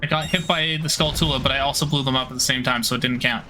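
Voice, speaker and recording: A game streamer chatting casually while playing, making quick jokey asides. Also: medium pitch, fairly even intonation, pushed and bright, faint music behind. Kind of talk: casual gameplay chat.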